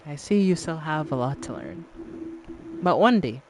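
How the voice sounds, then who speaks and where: Teasing woman streamer, super lively up-and-down voice, laughs a lot, swears casually. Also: sits low, moderate pace, slight background noise. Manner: teasing, laughs often between lines; frank, swears freely. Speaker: game streamer. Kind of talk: casual chat with a live stream audience.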